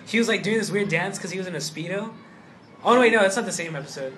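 A man's voice: high voice, fast, noisy background. A young man joking and teasing in a casual chat with friends.

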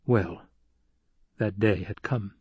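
A man narrating an audiobook in a measured, even storytelling manner. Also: on the low side, breathy edge, no echo, highs cut off. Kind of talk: scripted narration.

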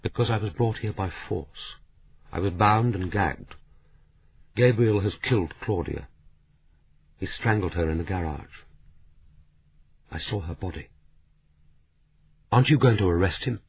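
A man's voice: low voice, a little slow, vocal fry, pauses often, husky, full character voice. A man voicing a frightened but defiant young woman who speaks urgently, in a storybook reading. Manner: urgent, insistent. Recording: tinny phone-like sound.

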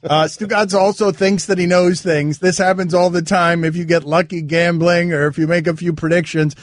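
Sports radio host guy, animated and ribbing his cohost, pretty dry close mic. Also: high voice, moderate pace, no echo. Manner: animated, mock-exasperated, emphatic. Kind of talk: casual sports talk. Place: radio studio. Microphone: studio mic.

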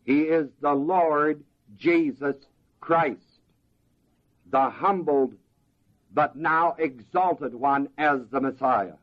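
A man preaching a slow, deliberate verse-by-verse sermon as pastor, pausing to ask the congregation to fill in words. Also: a little high, highs cut off.

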